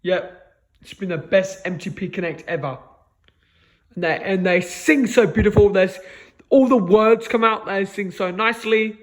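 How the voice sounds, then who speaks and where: A man with a notably high voice talks on in a loose, rambling monologue. He stumbles over words and restarts often, and keeps ending phrases with a low, quiet mutter. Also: moderate pace. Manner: repeats "lads" in a low mutter, stammering restarts. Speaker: vlogger.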